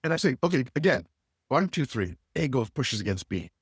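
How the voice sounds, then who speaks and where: A middle-aged man, a leadership coach, telling stories with lively inflection and acting out the dialogue. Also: medium pitch, brisk, slightly rough, no room sound, clean studio sound. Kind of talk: animated storytelling.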